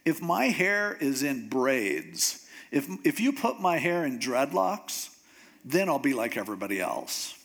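A man playing a dim-witted, careless strongman in a comic sermon retelling, dropping his voice low and offhand. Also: measured pace, gravelly, full character voice. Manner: low, flat, offhand delivery.

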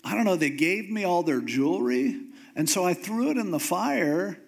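A man's voice: sits high, animated, normal speed, gravelly, voice pushed up. A man voicing a sheepish grown man who stammers out a lame excuse. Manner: hesitant, evasive.

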